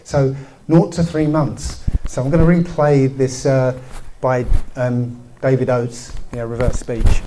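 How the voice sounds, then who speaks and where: A man's voice: mid-range voice, steady tone, a little slow, background noise. A man hosting a podcast in casual chat, speaking hesitantly with many fillers. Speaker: podcast host.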